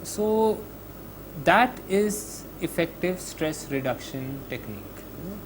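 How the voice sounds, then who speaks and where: A man with an Indian accent, a psychologist giving an advice talk to students. He talks conversationally, fills gaps with "you know", mixes in Hindi phrases, and slows down to show calm breathing. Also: sits high, a little hiss or hum, poor audio.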